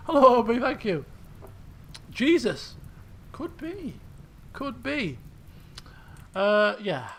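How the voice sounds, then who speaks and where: A man streaming a game, telling stories in casual, animated, exclamatory chat with some swearing. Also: very high voice.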